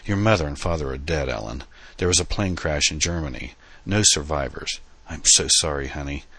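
Man doing a quiet sad uncle voice, really low, husky, dry recording. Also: moderate pace, dry recording, exaggerated voice. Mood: grieving. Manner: soft, subdued delivery. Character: older uncle, gentle and grieving.

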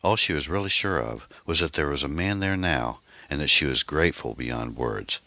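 Deep-voiced male audiobook narrator. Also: animated, moderate pace, pushed and bright, dry recording.

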